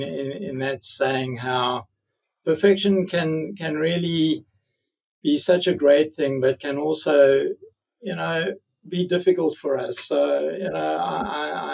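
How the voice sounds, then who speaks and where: A man's voice: fairly high pitch, vocal fry, darkish tone, recorded from a distance, low-quality recording. A man with a South African accent, an orthodontist guest on a podcast, speaking reflectively with many fillers. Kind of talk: podcast interview.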